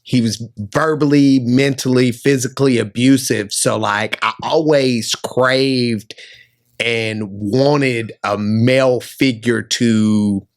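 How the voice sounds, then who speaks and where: Gravelly-voiced male host. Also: medium pitch, steady tone, slow pace. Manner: short affirmations, earnest. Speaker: podcast host. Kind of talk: casual conversation.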